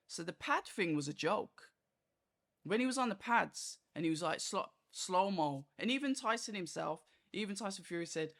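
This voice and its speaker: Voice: mid-range voice, fairly bright tone. A boxing channel host talks through a fight review in a rambling, chatty way. The talk is full of "like" and "you know", and the host acts out quoted reactions. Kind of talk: casual fight review monologue.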